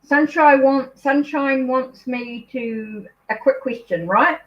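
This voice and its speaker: A chatty tarot reader with a New Zealand accent hosts a casual live stream from home, thinking aloud, rambling, and apologizing as she goes. Her voice is a little high and slow, and the audio sounds dull and lo-fi.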